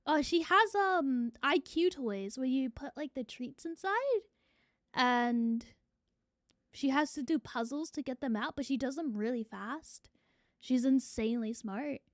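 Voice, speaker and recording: A woman's voice: sits high, unhurried, no echo, clean studio sound. A young adult woman streamer chatting casually to her viewers, swearing freely. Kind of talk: casual live-stream chat.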